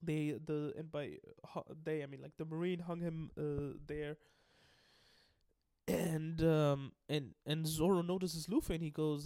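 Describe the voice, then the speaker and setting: A man's voice: on the high side, steady tone, measured pace, warm tone, clean tone, no echo, studio quality. A young man rambling through a casual story recap, restarting often, swearing and laughing as he goes. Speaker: video host.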